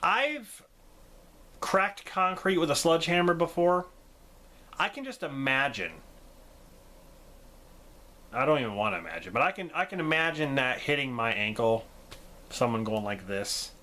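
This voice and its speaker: Bright, lively male movie vlogger. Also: a little high, a little slow, pauses often. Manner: enthusiastic, gushing, laughs often. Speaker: YouTube movie reviewer. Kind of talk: casual vlog movie review.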